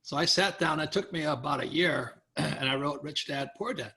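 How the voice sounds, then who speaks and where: An older man, a guest author, telling animated anecdotes in an interview, acting out quoted voices. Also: fairly high pitch, moderate pace. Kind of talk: storytelling interview.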